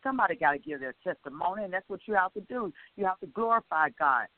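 A woman hosting a faith-based interview, talking in an emphatic, expressive way. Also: on the low side, fast talker, no room sound. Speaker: radio show host. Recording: tinny phone line.

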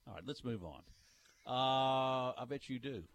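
A man's voice: mid-range voice, measured pace. A man co-hosting a sports radio show, joking at his own expense. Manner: self-deprecating, joking. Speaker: radio co-host. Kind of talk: casual radio banter.

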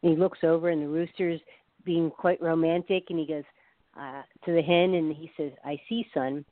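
A woman's voice: low-pitched, fairly even intonation, normal speed, no room sound. A woman guest expert, talking in a chatty explanatory way and telling anecdotes with quoted voices. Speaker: guest expert on the science of love. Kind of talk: casual explanatory interview talk. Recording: phone-like narrow sound.

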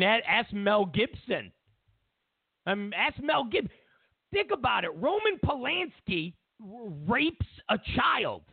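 A man hosting a talk show, giving opinionated political commentary in an animated, rambling way, with restarts and mocking quoted voices. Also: high-pitched, vocal fry, dry recording. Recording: dry, phone-like narrow sound.

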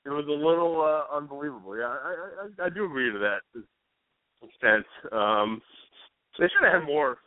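A man's voice: on the high side, lively intonation, moderate pace, no room sound. A man co-hosting a radio show, chatting casually in a rambling way with lots of fillers. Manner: rambling, hesitant, full of fillers. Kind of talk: casual chat. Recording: tinny phone-like sound.

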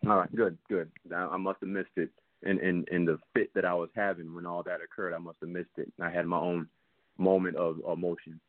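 A man's voice: deep voice, level tone, a little fast, no echo. A man co-hosting a casual sports talk show from his basement, ranting heatedly. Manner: heated, ranting with rising emphasis. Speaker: podcast co-host. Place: home basement. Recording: tinny phone-line sound.

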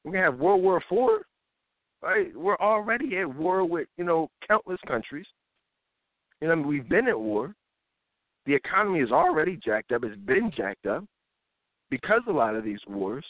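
Animated man ranting on a tinny line. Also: fairly high pitch, normal speed, long pauses, no echo. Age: 30s. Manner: animated, ranting, mocking voices. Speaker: host. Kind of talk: live show commentary. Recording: tinny phone-like sound.

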